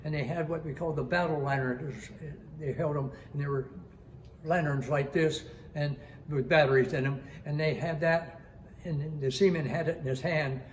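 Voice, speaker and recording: An elderly man in his nineties recounts a dramatic rescue at sea as a personal story, his voice sitting a little high for a man. He tells it vividly, repeating phrases for effect and imitating the sounds he describes. A faint hiss of background noise runs under his voice. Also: steady tone, moderate pace. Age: 90s. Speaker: retired Coast Guard master chief telling a rescue story.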